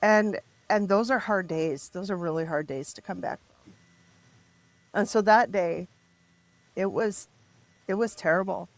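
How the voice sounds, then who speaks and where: A middle-aged woman telling her story as a podcast guest, raw and emotional, halting and restarting as she speaks. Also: medium pitch, no echo. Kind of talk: candid personal storytelling.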